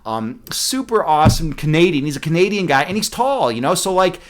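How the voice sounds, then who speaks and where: Lively, rambling young man streaming. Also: fairly high pitch, fairly quick. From Midwestern US. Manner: rambling, profane, joking with chat. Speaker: livestream host. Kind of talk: casual livestream chat.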